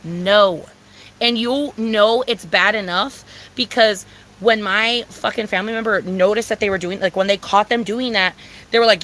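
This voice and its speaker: A woman's voice: medium pitch, normal speed, fairly bright tone. A young woman ranting casually and profanely to her viewers, heated and repetitive. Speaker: vlogger. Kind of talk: casual rant to camera.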